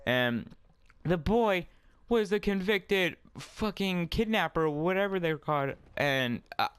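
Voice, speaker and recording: A man's voice: sits high, expressive, a little slow, fairly bright tone, clear, resonant tone, no echo. Rambling young man telling a story. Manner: rambling, full of fillers and swearing. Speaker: storyteller vlogger. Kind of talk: casual storytime while gaming.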